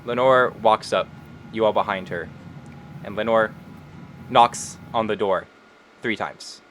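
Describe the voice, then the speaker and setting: A man's voice: fairly low pitch, unhurried, pauses often, a bit bright, a little hiss or hum. Casual game master man narrating. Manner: casual, with many fillers like uh and kinda.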